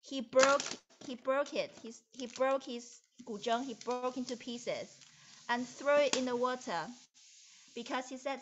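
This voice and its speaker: A woman teacher narrating a puppet story for children over a video call, in an animated, playful way. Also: high-pitched, measured pace, muffled recording, slight background noise. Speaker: music teacher.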